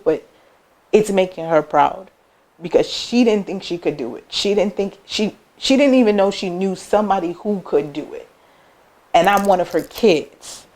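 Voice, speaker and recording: A woman speaking in a somewhat low register, telling stories about her business and family in a conversational interview. She talks loosely, with many fillers, and slips into quoted voices to act out what others said. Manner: animated, acts out family members' words in quoted voices; loose conversational phrasing with frequent "like" and "um". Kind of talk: personal storytelling in an interview.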